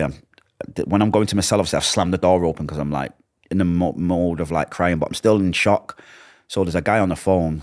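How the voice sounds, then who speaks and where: A middle-aged man with a Manchester accent, telling his own life story in an interview and acting out the conversations he recalls. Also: deep voice. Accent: Mancunian English. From Manchester, England. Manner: emotional, vivid retelling with acted-out dialogue. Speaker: interview guest.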